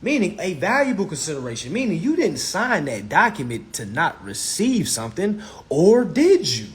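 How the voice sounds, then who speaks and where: A man's voice: high voice, huge pitch swings, normal speed. A man giving a casual live-streamed teaching, emphatic and repetitive, with rhetorical questions and blunt profanity.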